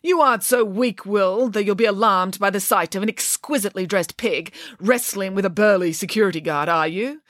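A woman voicing a pompous, imperious female pig nanny who is quick to pick a fight. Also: medium pitch, a bit bright, no room sound, clean studio sound, close to an everyday voice. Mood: indignant. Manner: indignant, imperious, sarcastic.

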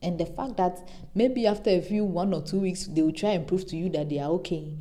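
A young woman hosting a podcast, talking off the cuff and giving emphatic advice with animated storytelling. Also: brisk. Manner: emphatic, animated storytelling with sudden high exclamations. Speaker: podcast host. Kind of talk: unscripted advice monologue.

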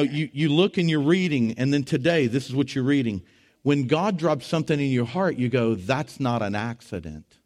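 Preacher guy, sermon mode, goes loud then real quiet, jokey storyteller. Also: medium pitch. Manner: animated preaching with swings between loud and hushed; tells stories with humor and acts out quotes. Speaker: pastor.

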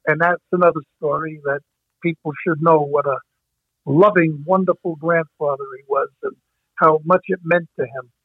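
Telling stories from his coaching days, this older Brooklyn man, a hockey coach from New York, rambles and keeps stopping and restarting. His voice is a little high with a steady tone, normal speed, and a breathy edge. The sound is dry and tinny like a phone, with no room sound.

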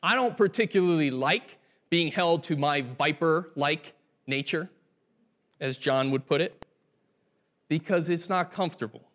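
Male pastor, slightly higher voice, telling stories as he preaches to his congregation. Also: measured pace, pauses often, a bit bright. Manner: conversational storytelling preaching. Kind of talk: sermon.

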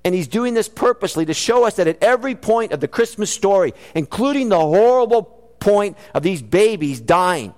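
A man preaching a sermon in a church, earnest and animated, mixing scripture references with joking asides. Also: sits high, normal speed, few pauses. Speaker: pastor. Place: church sanctuary. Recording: long hall reverb.

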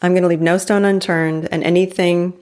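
A woman in her forties hosting a solo motivational podcast, chatty and emphatic, slowing down to stress her key points. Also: on the low side, little pitch movement, darkish tone. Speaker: podcast host.

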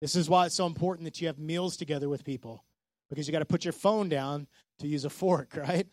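A man preaching a casual, animated sermon as a pastor, acting out the people he quotes. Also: fairly high pitch, fast talker, no room sound.

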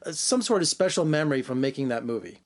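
A man's voice: mid-range voice, animated, quick pace. A man from Las Vegas hosting an entertainment interview in an upbeat presenter manner. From Las Vegas, USA.

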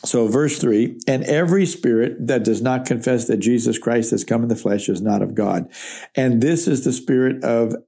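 A man's voice: mid-range voice, normal speed, gravelly, dark tone, breathy edge. A man teaching through a Bible letter verse by verse, in a conversational, explanatory way. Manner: conversational, explanatory, checks in with okay.

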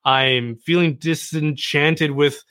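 Man, podcast guest, animated storytelling, self-deprecating, dry studio sound. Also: fairly high pitch, slow, clear, resonant tone, dry recording. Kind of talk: casual storytelling conversation.

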